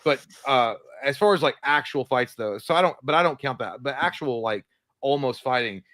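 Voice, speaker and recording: A man's voice: mid-range voice, moderate pace, no echo. Casual swearing man telling stories. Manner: animated, acts out voices in his stories, swears freely. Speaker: podcast co-host. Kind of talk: casual storytelling chat.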